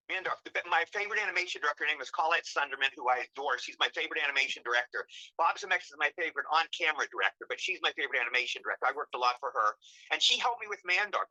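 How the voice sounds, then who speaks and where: An older man, an actor guest, telling animated stories in an interview and acting out quotes in funny voices. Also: fairly high pitch, no echo, rough recording. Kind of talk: storytelling interview.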